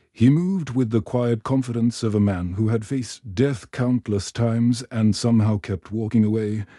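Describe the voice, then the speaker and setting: A man reads a scripted story in a steady, even delivery. His voice is dark and mellow. The recording is dry and close, with no room sound. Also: medium pitch, dry recording. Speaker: narrator.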